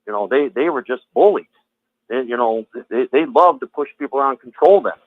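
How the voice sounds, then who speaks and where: A man's voice: mid-range voice, animated, brisk, dry recording. Guy ranting on a tinny phone line, repeats himself a lot, swears, dry sound. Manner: rambling, repeats himself, blunt and profane. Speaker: former Jehovah's Witness sharing his story. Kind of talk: heated phone conversation.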